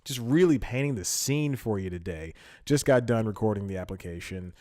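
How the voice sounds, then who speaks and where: Male solo comedy podcaster, lowish voice, loose rambling delivery, dry close studio sound. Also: expressive, moderate pace, darkish tone, no room sound. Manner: rambling and self-interrupting, wry. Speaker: podcast host. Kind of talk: casual solo comedy monologue. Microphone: studio mic, wearing headphones.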